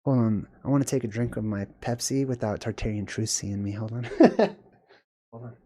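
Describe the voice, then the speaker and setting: A man's voice: fairly low pitch, fairly even intonation, moderate pace, dark tone, no room sound. Irritated ranting man vlogging. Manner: irritated, ranting, swears freely; conversational, talks straight to viewers. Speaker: host. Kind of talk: casual commentary vlog.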